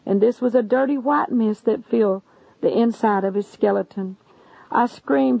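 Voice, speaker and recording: Gravelly-voiced woman preaching her testimony. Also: a little high, moderate pace, warm tone, no echo. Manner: earnest, addresses listeners as "my friend". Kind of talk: testimony sermon narration. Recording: dull lo-fi recording.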